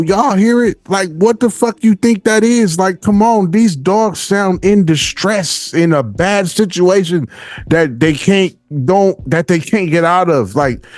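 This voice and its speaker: A man hosting a podcast, talking casually in slangy, profane language and reacting with animated bursts. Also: sits high, no echo. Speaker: podcast host. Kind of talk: casual commentary.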